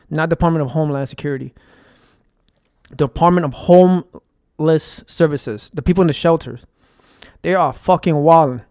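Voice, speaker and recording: A male streamer with a higher, slightly mellow voice delivers an agitated, wandering monologue, cursing a lot and circling back to the same phrases amid frequent fillers. The audio is studio quality with no room sound.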